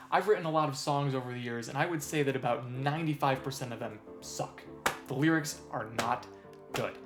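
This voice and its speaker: A man hosting a casual music theory tutorial, playful, counting beats and half-singing his examples. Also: medium pitch. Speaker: music channel host. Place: room with a piano. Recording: roomy echo, faint instrument music.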